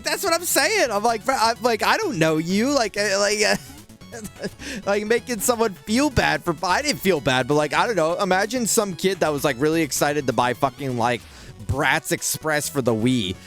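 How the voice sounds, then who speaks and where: A man's voice: high-pitched, animated, moderate pace, a bit bright, soft background music. A man streaming a video game, chatting casually and animatedly, swearing freely and laughing often. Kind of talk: casual live-stream chat.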